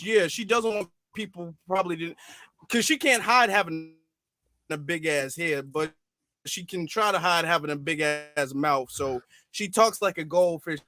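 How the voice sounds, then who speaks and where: A man hosting a casual online talk show, mocking and animated as he comments. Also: a little high. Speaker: podcast host. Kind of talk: casual chat.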